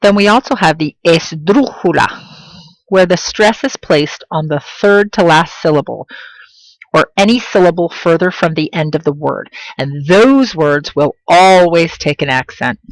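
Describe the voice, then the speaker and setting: A woman teaching a video language lesson, pronouncing example words slowly and clearly and encouraging her students directly. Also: low-pitched, dry recording, low-quality recording. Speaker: Spanish teacher.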